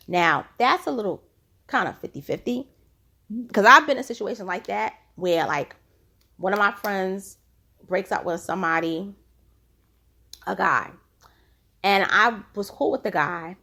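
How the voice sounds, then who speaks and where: A woman's voice: medium pitch, lively intonation, measured pace, creaky, pauses often, bright, forceful tone. A woman casually recapping a reality TV episode, retelling scenes through quoted lines and chatty personal asides.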